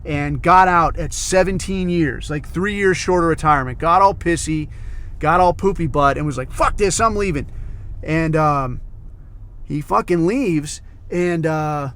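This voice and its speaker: Male podcast host, cussing rambler with a slightly raised pitch, loose casual monologue. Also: fairly bright tone. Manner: profane, rambling storyteller, heavy on fillers.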